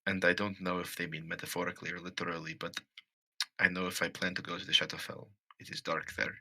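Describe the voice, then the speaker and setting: A man voicing a hesitant young woman adventurer with a dark soul who speaks formally and stumbles over her words. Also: low-pitched, level tone, exaggerated voice. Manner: halting and formal, many stumbles.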